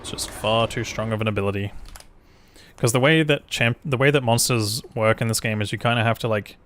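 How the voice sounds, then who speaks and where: A man's voice: mid-range voice, a little fast, a bit bright. A young man with an Australian accent, a streamer chatting casually over gameplay, rambling with lots of filler words and swearing. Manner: rambling, full of "like", swears freely.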